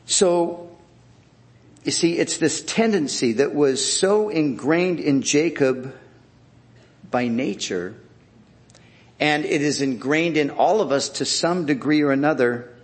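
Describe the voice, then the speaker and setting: A man preaching a sermon, speaking in a deliberate, reflective way with frequent restarts. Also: a little high.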